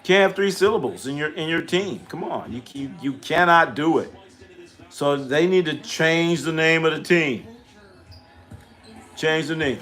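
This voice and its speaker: A man's voice: on the high side, normal speed, fairly bright tone, soft background music. A middle-aged man hosting a casual live stream, trash-talking, repeating himself and answering chat questions aloud.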